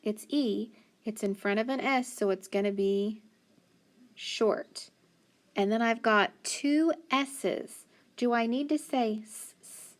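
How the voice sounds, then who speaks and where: A woman teacher leads a phonics lesson at an unhurried pace. She stretches out each sound patiently and offers steady encouragement. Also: fairly high pitch.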